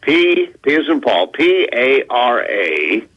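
A man phoning in to a radio show as the word-of-the-day guest, teasing and animated, spelling words out slowly. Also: mid-range voice, highs cut off. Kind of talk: playful phoned-in radio segment.

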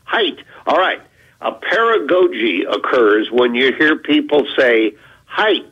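A man phoning in to a radio show as the word-of-the-day guest, teasing and animated, spelling words out slowly. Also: medium pitch, husky, muffled recording. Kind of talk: playful phoned-in radio segment.

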